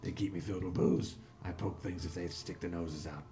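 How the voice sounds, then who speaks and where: A man's voice: low-pitched, fairly even intonation, brisk, dark tone, soft background music, pitched below the performer's own voice, lightly acted. A man voicing a lazy, boozy old male gnoll guard who grumbles and drags his words. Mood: grumbling. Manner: grumbling, sluggish, reluctant. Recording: echoey room, faint ambience.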